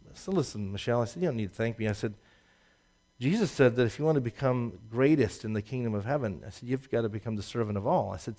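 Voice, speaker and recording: A man preaching a sermon, swinging from loud emphatic rises to low asides and laughing at his own jokes. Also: expressive, quick pace. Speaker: pastor.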